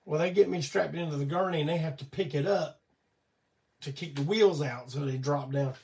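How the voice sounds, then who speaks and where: Gravelly older man, weak voice. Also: fairly high pitch, normal speed, a little mellow, recorded from a distance. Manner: rambling, folksy, swears casually. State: weak voice from illness and cough syrup. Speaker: host of a weekly live show. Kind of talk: casual storytelling on a livestream.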